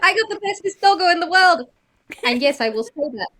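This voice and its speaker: A woman voicing a doting furry toon mother creature who gushes and coos excitedly in role-play. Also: very high voice, brisk, exaggerated voice. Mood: gushing. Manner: gushing, excitable, baby-talk cooing.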